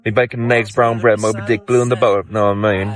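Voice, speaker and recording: A man's voice: fairly low pitch, flat delivery, quick pace, pitched below the performer's own voice, lightly acted. A man playing Alfred, a swaggering Cockney petty crook, rambling crudely in rhyming slang in a comedic monologue.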